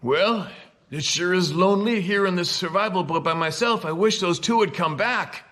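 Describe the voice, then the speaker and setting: A man's voice: high voice, moderate pace, a bit bright, a little hiss or hum, voice pushed up. A man putting on the voice of a bewildered, lonely French castaway who speaks broken English.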